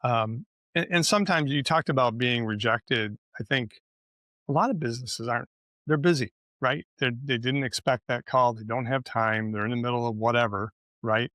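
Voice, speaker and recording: A man's voice: medium pitch, moderate pace, sharp tone, no echo. A man co-hosting a podcast in casual conversation, chatty and often ending with "right?". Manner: conversational, frequent "right?" tags. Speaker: podcast co-host.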